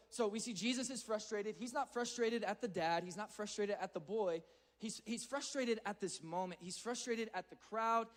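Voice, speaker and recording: High-voiced young man preaching. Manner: earnest, conversational, repeats words when excited. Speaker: youth speaker. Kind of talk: sermon to a youth audience.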